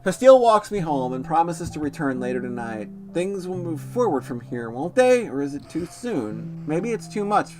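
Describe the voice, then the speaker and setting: A man reading a visual novel aloud, voicing a gentle, anxious lover who narrates their own thoughts softly. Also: on the high side, big pitch swings, moderate pace, few pauses. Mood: worried. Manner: soft, reflective first-person narration. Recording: music playing behind the voice.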